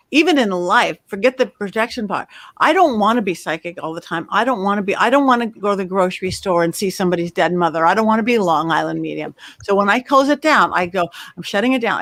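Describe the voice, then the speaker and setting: A middle-aged woman on a panel, telling lively stories and acting out the quoted voices in them. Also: medium pitch, dry recording. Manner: animated storyteller, acts out quotes. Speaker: medium, panel guest. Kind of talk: casual panel chat.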